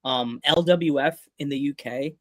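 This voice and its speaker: A man hosting a podcast in casual chat, rambling and joking, laughing often and slipping into playful quoted voices. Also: mid-range voice. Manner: rambling, fast restarts. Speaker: podcast host.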